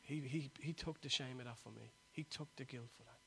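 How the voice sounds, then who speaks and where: A man, preaching a sermon that swings from loud exhortation to quiet, intimate appeal. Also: medium pitch, fairly quick, gravelly, a little hiss or hum.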